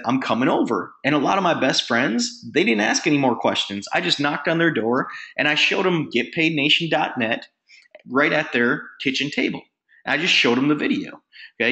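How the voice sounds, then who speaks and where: A man's voice: mid-range voice, a bit bright. A man giving a motivational sales training talk, speaking emphatically and acting out sample phone calls.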